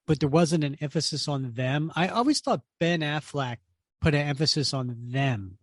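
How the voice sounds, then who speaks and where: A man co-hosting a podcast in casual chat, animated and argumentative, laughing often. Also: a little high, moderate pace, dry recording, clean studio sound. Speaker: podcast co-host.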